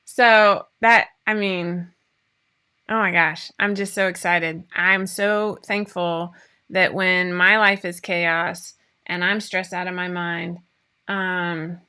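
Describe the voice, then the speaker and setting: The host of a sewing pattern company show, a woman with a lowish, smooth voice, runs a casual live stream chat in a bubbly, rambling way full of fillers. She speaks slowly with a steady but sharp tone.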